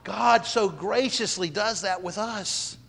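A man preaching in a church sanctuary speaks earnestly, repeating words as he hammers home each point. His voice is high, gravelly, and fairly bright, his pace slow, and the hall reverb is long.

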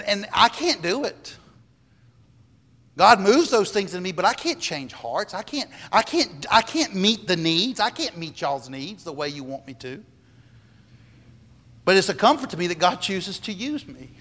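A man's voice: high-pitched, lively intonation, normal speed, pushed and bright. A man, a pastor preaching a sermon earnestly and repeating words as he stresses each point. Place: church sanctuary. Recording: long hall reverb.

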